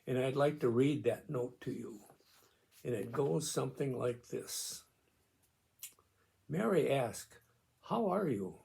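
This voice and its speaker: A man in his nineties hosting his own video channel, speaking slowly and gently about caregiving, pausing often, then reading aloud a note he wrote. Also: mid-range voice, creaky, a little hiss or hum. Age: 90s. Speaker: video host on memory loss and caregiving. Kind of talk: slow personal reflection to camera.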